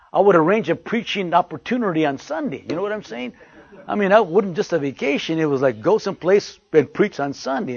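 A man's voice: a little high, vocal fry, slightly rough, dry recording. An older man preaching a sermon as a pastor, telling stories and repeating phrases for emphasis. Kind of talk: sermon to ministers. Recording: muffled dry recording.

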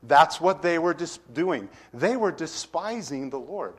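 A middle-aged man preaching a sermon, reading scripture and explaining it with lively shifts between loud and soft delivery. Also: a little high, a little slow. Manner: expressive teaching, swings from loud to soft, acts out voices. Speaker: pastor.

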